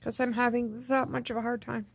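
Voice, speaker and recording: A woman recording a personal video diary, speaking in a subdued, tearful, halting way and repeating herself. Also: a little high, little pitch movement, vocal fry, breathy edge. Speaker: vlogger.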